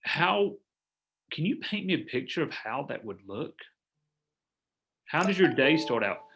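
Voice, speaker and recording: Middle-aged male coach, fairly high voice, earnest, animated, on a video call. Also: a little slow, highs cut off. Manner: earnest, animated, acts out sample dialogues. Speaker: business coach. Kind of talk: coaching workshop talk.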